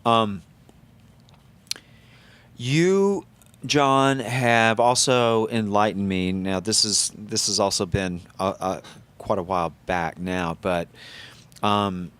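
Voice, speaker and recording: A man's voice: fairly low pitch, slow, a bit bright, clear, resonant tone. A man hosting a podcast interview, casual and hesitant, searching for his words. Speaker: podcast host.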